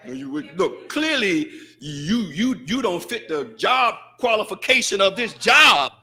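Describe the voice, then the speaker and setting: A man with a very high, bright, forceful voice preaches a sermon in a mosque. He delivers it with fervor and breaks into shouts to drive his points home. Between them he mimics people's excuses in wry, drawn-out asides. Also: sing-song, breathy edge. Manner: fervent preaching with shouted bursts. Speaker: student minister.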